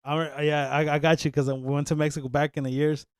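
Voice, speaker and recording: A man's voice: fairly high pitch, flat delivery, fast, clean tone, no echo, studio quality. A young man, co-hosting a podcast in jokey chat, laughing often and dropping in Spanish words. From United States. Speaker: podcast co-host. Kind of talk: casual chat.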